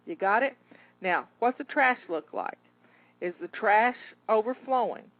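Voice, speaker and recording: A woman's voice: fairly high pitch, animated, unhurried, no echo. Encouraging woman on a tinny line. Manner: encouraging, rallying, repeats herself. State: a bit out of breath. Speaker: home organizing coach. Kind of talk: live cleaning coaching talk. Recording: tinny phone-like dry audio.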